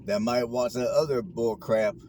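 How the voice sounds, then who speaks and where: A man's voice: mid-range voice, fairly even intonation, moderate pace, dark tone. A man vlogging from his car, giving preachy advice in casual slang and repeating his points. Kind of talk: casual talk while driving. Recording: car noise behind.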